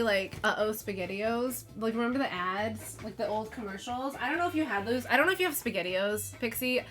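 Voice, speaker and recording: A woman from Missouri chats her way through a live crochet stream, rambling and peppering her talk with "like" in a Valley Girl inflection. Her voice is bright and sharp and sits a little high. Soft music plays faintly behind her. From Missouri, USA. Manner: chatty and rambling, full of "like". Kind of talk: casual live-stream chat. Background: faint background music.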